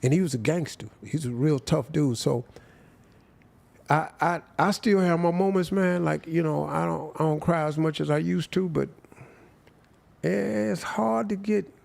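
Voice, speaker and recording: Gravelly older man, heartfelt storytelling. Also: a little high, darkish tone. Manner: slow, heartfelt, drops to near silence at emotional points. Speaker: interview guest. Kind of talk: emotional storytelling.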